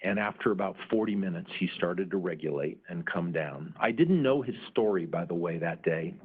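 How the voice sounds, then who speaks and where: A man's voice: deep voice, animated, normal speed, breathy edge. A middle-aged man presenting at a conference, telling a story earnestly with frequent "uh" fillers. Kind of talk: storytelling talk. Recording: narrow phone-like sound.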